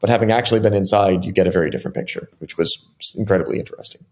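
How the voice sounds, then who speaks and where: A middle-aged man with a fairly low voice, telling stories as an interview guest. He talks in a loose, animated way, circling back with fillers and restarts as he goes. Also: racing. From United States. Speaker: interview guest, software engineer. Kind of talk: casual storytelling interview.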